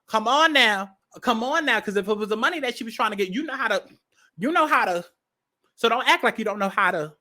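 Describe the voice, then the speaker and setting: A woman gives blunt, sassy commentary on a viral video. She hammers her points by repeating them, and her voice is bright and forward. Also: fairly high pitch. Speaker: commentary host.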